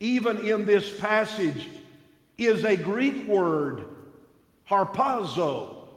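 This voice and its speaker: A man preaching a sermon in a church, slow and measured, with dramatic pauses. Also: high voice, very animated. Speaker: pastor. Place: church sanctuary. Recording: reverberant church sanctuary.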